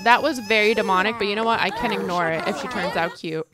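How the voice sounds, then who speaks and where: A young woman giving casual let's-play commentary, chatty and excitable, squealing at cute moments. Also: mid-range voice, fast talker, crowd noise. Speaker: gaming video creator.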